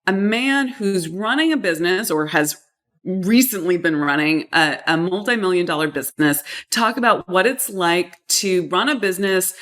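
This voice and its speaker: Woman, podcast host, enthusiastic, emphatic, mid-pitched voice. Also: a bit bright. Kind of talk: podcast interview introduction.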